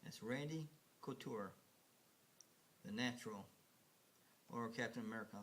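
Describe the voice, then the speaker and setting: Unhurried man narrating a slideshow, rambling, hesitant, chuckling to himself, faint ambience behind. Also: mid-range voice, a bit bright, slight background noise. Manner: rambling, hesitant, with many fillers and restarts; chuckles at his own remarks. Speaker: video narrator. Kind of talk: casual slideshow commentary.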